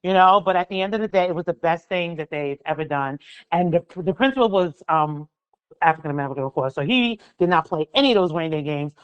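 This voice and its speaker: A woman's voice: on the low side, fast talker, clear, resonant tone, no echo, muffled recording. A woman from the Bronx. She is a guest and tells stories in a casual chat, acting out the people she quotes. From the Bronx, New York. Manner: animated storyteller, acts out quoted voices. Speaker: guest, pastry chef. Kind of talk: casual conversation.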